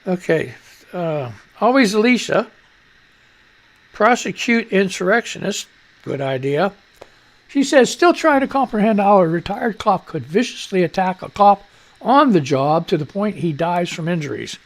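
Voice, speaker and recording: Gravelly guy hosting a live news stream, jokey and rambling, voice jumps all over. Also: high voice, animated, measured pace. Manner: loose, jokey, mutters to himself, reads headlines aloud. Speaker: radio and livestream host.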